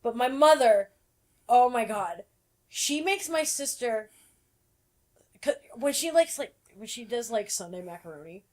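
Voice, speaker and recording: Young woman from jersey, kinda high voice, swears a ton while rambling through a story on a podcast. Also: animated, measured pace, long pauses. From New Jersey. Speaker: podcast co-host. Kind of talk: casual chat.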